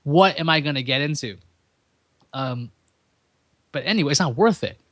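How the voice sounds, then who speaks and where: A man's voice: a little high, moderate pace, a bit bright, no echo, studio quality. A man hosting his own podcast, talking in a rambling, self-deprecating stream of consciousness. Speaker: podcast host. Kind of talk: solo podcast monologue.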